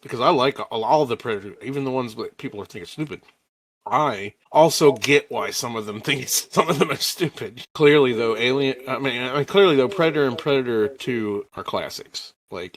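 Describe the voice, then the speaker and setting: Male comedy podcast co-host, mid-pitched, loose and laughing, rambles through restarts. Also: a bit bright. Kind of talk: casual comedy chat.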